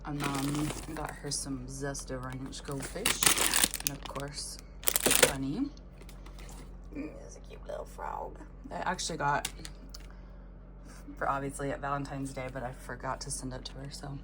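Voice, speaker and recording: A middle-aged woman narrating her vlog in a soft, casual way, talking to her animals and showing things at home. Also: fairly even intonation, normal speed. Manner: soft, talks sweetly to animals in a high voice. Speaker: vlogger. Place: outdoors in the snow on a small farm. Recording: outdoor noise with farm animals. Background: chickens and a rooster.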